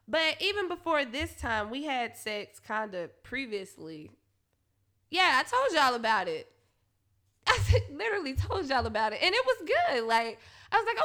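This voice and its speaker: A young woman hosting a podcast, telling a candid, profane story in a casual monologue with quick asides to her listeners. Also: sits high, big pitch swings, sharp tone. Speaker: podcast host.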